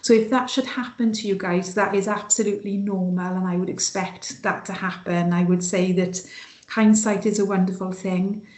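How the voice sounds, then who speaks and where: A woman with a lilting Welsh Valleys accent leads an online training session, her voice mellow and soft-edged. She talks through slides with plenty of ums and restarts, heard over a video call in a roomy, echoey space. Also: medium pitch, fairly even intonation, moderate pace. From Wales. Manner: sing-song, many fillers and restarts.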